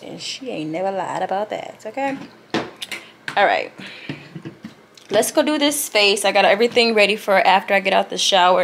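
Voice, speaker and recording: A woman's voice: medium pitch, animated, moderate pace, long pauses. Lady chatting to her camera at home at night, talks to y'all a lot, kinda noisy recording. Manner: chatty, addresses viewers as y'all. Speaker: vlogger. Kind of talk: casual chat to camera. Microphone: camera on a tripod.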